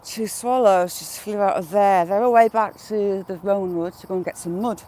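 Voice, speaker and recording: Strolling outdoors through fields and hedgerows, a woman streams live from a phone on a gimbal with a headphone wire. Her warm, mid-range voice moves at a moderate pace as she chats with viewers by name and coos at animals.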